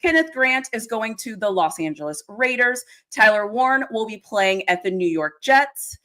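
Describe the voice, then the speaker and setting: A woman's voice: on the high side, animated, moderate pace, a bit bright. A British woman on a casual livestream, giggling and self-conscious as she reads out a list of picks. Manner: giggly, self-conscious, laughs between words. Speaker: guest reading mock draft picks.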